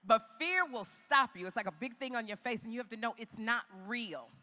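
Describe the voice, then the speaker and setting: A woman's voice: fairly high pitch, fairly quick. A woman in her fifties giving a humorous, preacherly motivational keynote, acting out the voices in her stories. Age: 50s. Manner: animated, humorous, preacherly, acts out quoted voices. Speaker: keynote speaker. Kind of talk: motivational speech with comic storytelling. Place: large indoor arena. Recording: long arena reverb.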